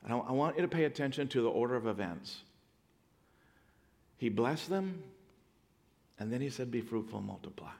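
A middle-aged man preaching a sermon, telling stories and moving from hushed, quiet passages to loud, emphatic points. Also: mid-range voice, lively intonation, normal speed, gravelly, long pauses, long reverb tail. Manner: storytelling, dynamic swings from hushed to loud emphatic. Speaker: pastor.

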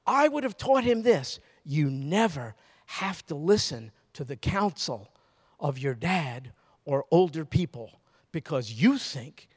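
An older man preaching a sermon, his voice pitched a little high as he talks to the congregation like a friend. He tells stories, asks rhetorical questions, and swings between lively emphasis and quiet asides. A long reverb hangs after his words. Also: slightly rough. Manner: conversational, animated storytelling with rhetorical questions. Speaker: pastor.

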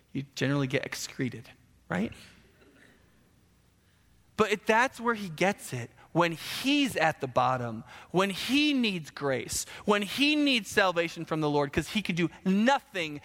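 Man preaching, high lively voice, conversational, long hall reverb. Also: a little slow. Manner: animated, conversational, frequent rhetorical questions. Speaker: pastor. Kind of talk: sermon.

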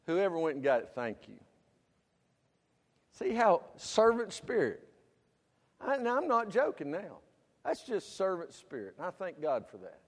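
A man, preaching a sermon with loud emphatic bursts and quieter asides. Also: high-pitched, big pitch swings, measured pace, long pauses, long reverb tail. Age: 50s. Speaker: pastor.

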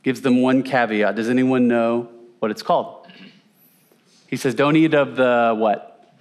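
A man teaches from scripture in a relaxed, conversational way. He puts questions to his listeners and leans on repetition to drive a point home. His voice sits at an ordinary middle pitch. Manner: conversational, asks the audience questions, repeats words for emphasis. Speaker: Bible teacher. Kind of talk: teaching sermon with slides.

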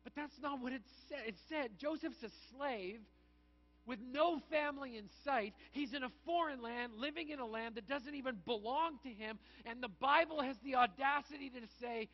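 A man with a high, light voice preaches a conversational sermon and slips into acted asides. The recording sounds dull and lo-fi. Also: moderate pace. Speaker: pastor.

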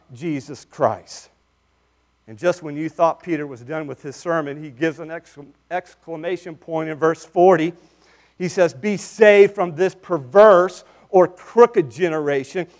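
Male pastor, high voice, emphatic sermon delivery, quiet asides then loud declarations. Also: a little slow. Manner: emphatic preaching, swings between hushed asides and forceful declarations.

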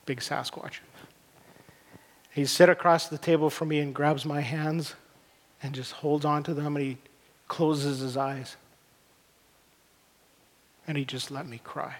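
Earnest pastor in reverberant hall. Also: male voice, fairly high pitch, steady tone, measured pace, pauses often. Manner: earnest, conversational, repeats words while searching for them. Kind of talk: sermon. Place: church hall. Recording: long reverb of a church hall.

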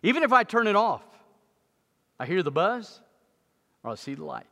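Bright-voiced man preaching in a reverberant hall. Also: sits high, big pitch swings, moderate pace. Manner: storytelling with humor, loud emphatic peaks. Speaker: pastor. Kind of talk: sermon. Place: church sanctuary.

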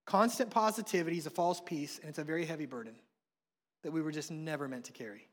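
A man, preaching a sermon with passion, swinging between hushed and loud. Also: on the high side, fast. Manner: impassioned, swings from soft to loud. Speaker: pastor. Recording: long reverb of a large hall.

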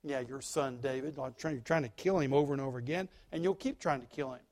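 High-pitched guy preaching, punchy, big loud stresses then quiet asides. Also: fast. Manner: emphatic, dramatic, swings between loud stress and quiet asides. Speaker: pastor. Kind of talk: sermon.

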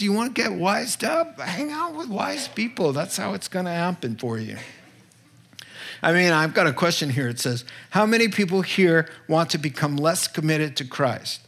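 A man's voice: on the high side, a bit bright. A man preaching a conversational sermon from Proverbs, candid and often checking in with his listeners. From northeastern United States. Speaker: pastor.

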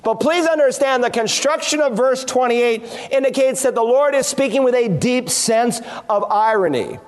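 A man's voice: very high voice, normal speed. A man, a pastor preaching an emphatic expository sermon that leans on rhetorical questions.

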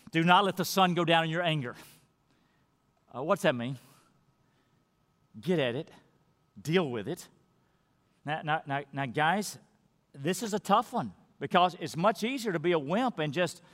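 A man preaching a sermon as pastor, swinging between loud, emphatic peaks and hushed, quiet lines. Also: a little high, expressive, moderate pace, long pauses. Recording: long reverb of a large hall.

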